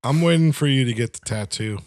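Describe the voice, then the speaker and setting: A man's voice: medium pitch, fairly quick, darkish tone, dry recording, studio quality. A man co-hosting a podcast in a laid-back, teasing way, swearing freely and calling his friend "bro". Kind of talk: casual podcast chat.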